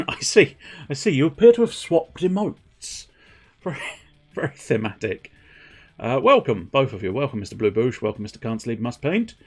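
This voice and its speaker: A man with a medium-pitched, breathy-edged voice and lively intonation talks at a moderate pace over soft background music. While streaming a game, he rambles casually with viewers, teases himself, and slips into silly voices.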